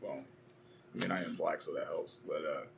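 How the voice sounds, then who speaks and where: A man's voice: a bass voice, steady tone, brisk, gravelly, slight background noise. A young man co-hosting a casual podcast, rambling and swearing as he argues and tells stories. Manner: profane, rambling, heated storytelling. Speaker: podcast co-host.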